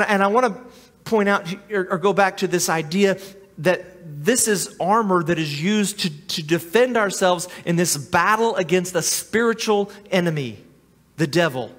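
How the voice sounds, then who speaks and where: A man's voice: high voice, fairly bright tone, big-room sound. Earnest man preaching a sermon. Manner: earnest, repeats and restarts words. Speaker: pastor. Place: church sanctuary.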